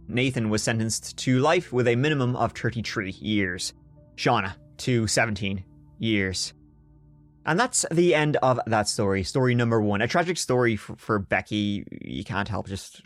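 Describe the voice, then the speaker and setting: A man recounts a crime case in a podcast, breaking into sarcastic, profane outbursts. His voice sits at a middle pitch. Soft music plays faintly under him. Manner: sarcastic, swearing, animated outbursts. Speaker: podcast host. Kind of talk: true crime storytelling.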